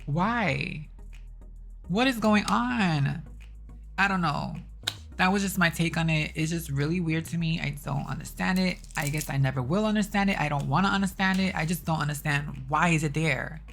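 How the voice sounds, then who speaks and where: A woman's voice: low-pitched, normal speed, vocal fry, fairly bright tone, faint music behind. A young woman ranting to her vlog audience, exasperated and blunt, swearing and repeating herself. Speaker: vlogger. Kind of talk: casual rant to camera.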